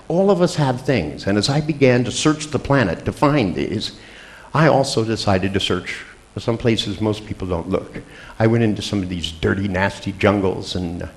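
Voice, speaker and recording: An older man giving a seminar talk, telling animated anecdotes to his audience with blunt swearing. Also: lowish voice. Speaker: seminar speaker. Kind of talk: storytelling talk to a live audience.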